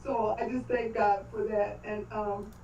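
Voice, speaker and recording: An older woman speaking on a video call about her family, halting and faith-filled, often breaking off mid-phrase. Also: mid-range voice, level tone, mellow. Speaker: grieving great-grandmother speaking at a livestream. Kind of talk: emotional testimony on a video call. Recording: echoey, distant, dull call audio with faint noise.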